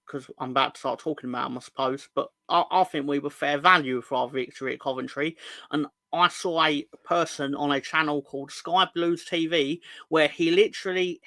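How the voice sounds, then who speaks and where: Man, fan stream host, bright pitch, dry close sound, cheeky rambling banter. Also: no echo. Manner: rambling, jokey, sweary banter with chat. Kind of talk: casual live-stream chat.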